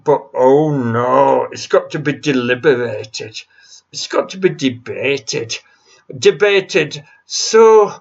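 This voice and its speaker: Exasperated man, mocking solo rant, unhurried delivery, dull lo-fi recording. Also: fairly high pitch. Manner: exasperated, mocking, swears freely. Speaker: solo ranter. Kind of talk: impromptu rant. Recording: dull lo-fi sound.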